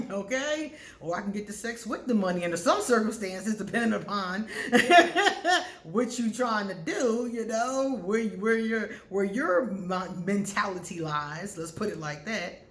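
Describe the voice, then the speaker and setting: A woman vlogger giving casual, candid astrology advice to camera, talking freely and breaking into loud laughter. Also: medium pitch, reverberant, slight background noise.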